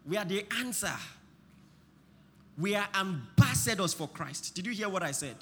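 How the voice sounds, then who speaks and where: A man preaching a sermon, impassioned, breaking into shouts and having the congregation repeat lines after him. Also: high-pitched, animated, moderate pace, long reverb tail, slight background noise.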